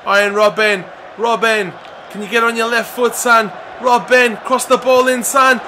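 A young man with a high, bright, tense voice commentates on a football video game at home. He is excitable, shouts at his players, and drops into grumbling in between. Faint hiss sits under the voice. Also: normal speed, some chatter behind. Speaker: gaming YouTuber.

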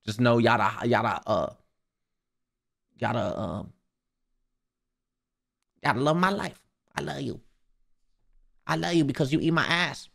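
A man streaming live, chatting casually with viewers and ranting in a profane, animated way. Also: mid-range voice, takes it slowly, gravelly, pauses often.

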